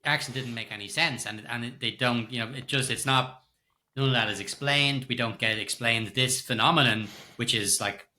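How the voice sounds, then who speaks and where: A man's voice: mid-range voice, moderate pace, bright, forceful tone. A middle-aged man co-hosting a podcast, chatting casually about a film, laughing often and swearing now and then. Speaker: podcast co-host. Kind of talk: casual film review chat.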